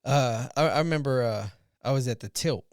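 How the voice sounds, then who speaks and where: A man in his forties, hosting a podcast, telling a personal story in an animated way and acting out the dialogue. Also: mid-range voice, moderate pace, no room sound, clean studio sound. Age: 40s. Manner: animated retelling, acts out dialogue. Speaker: podcast host. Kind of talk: casual storytelling chat.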